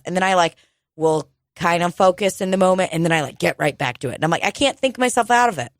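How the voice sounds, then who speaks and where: A woman's voice: on the low side, expressive, no echo, clean studio sound. Candid swearing woman podcaster. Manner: candid, swearing, talks fast when quoting herself. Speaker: podcast co-host. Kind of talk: casual chat.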